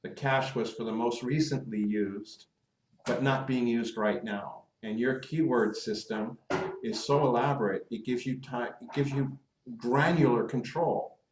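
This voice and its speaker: A man's voice: mid-range voice, darkish tone. A man hosting a club video call, talking at length and explaining his points with examples. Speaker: meeting host. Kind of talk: casual Zoom meeting chat. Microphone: computer mic on a video call. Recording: echoey room on a video call.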